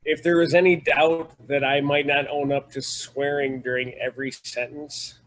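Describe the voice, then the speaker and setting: A man's voice: mid-range voice, level tone, normal speed, a bit bright, low-quality recording. A man on a video call, talking frankly and joking, sometimes laughing mid-sentence. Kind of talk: casual video call chat.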